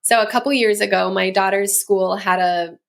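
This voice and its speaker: A woman's voice: mid-range voice, steady tone, moderate pace, gravelly. A woman in her thirties, a guest on an interview show, telling stories in a chatty way and laughing often. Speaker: guest, communication coach and musician. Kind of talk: casual interview chat.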